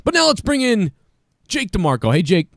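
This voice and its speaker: A man hosting a live wrestling review stream, talking casually, excitably and with lots of swearing. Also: high voice, fairly quick, dry recording, clean studio sound. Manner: profane, excitable, rambling. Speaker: wrestling podcast host.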